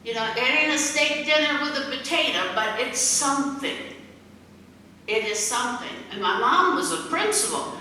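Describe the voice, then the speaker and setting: A woman's voice: sits high, expressive, moderate pace, sharp tone, a little hiss or hum. A middle-aged woman giving a heartfelt, folksy talk as a guest speaker, slipping into the voices of the people she quotes. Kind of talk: storytelling speech. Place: large meeting hall. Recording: echoey hall from far off.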